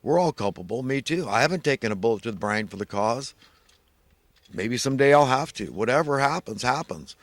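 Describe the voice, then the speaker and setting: A man's voice: mid-range voice, expressive, a little fast, no room sound. A middle-aged American man giving an earnest, rambling moral monologue, repeating himself and restarting his phrases. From United States. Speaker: vlogger.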